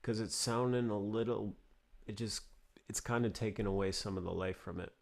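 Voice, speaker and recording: Man, home studio tutorial, gravelly fry, casual, halting restarts. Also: on the low side, steady tone, crowd noise. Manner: thinking aloud, halting with restarts while working. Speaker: music production tutor. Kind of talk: casual screen-recorded tutorial.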